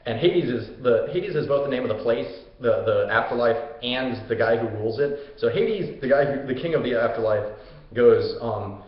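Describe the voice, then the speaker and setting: A young man retells an old myth as a comedy, casual and slangy. His pitch is middling. The room is very echoey, and the sound is dull and lo-fi. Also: normal speed. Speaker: host.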